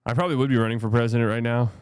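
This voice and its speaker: A man's voice: mid-range voice, fairly even intonation, very fast, darkish tone, clean tone, no echo. A young man hosting a live stream watch party, chatting and joking casually with viewers.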